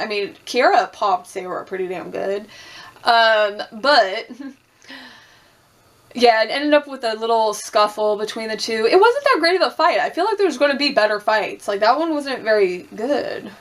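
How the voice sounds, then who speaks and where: A young woman with a slightly high voice talks through a reality show episode in a loose, chatty way. She swears freely, acts out lines from the show and laughs often as she goes. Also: a little slow, fairly bright tone. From Puerto Rican and Cuban heritage. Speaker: reality TV recap vlogger. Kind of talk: casual recap chat.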